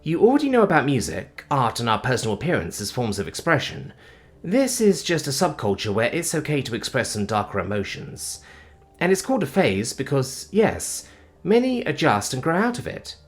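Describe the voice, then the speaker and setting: A man's voice: medium pitch, wildly swooping pitch, normal speed. A man voicing an earnest young woman scientist who explains things patiently. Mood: explaining.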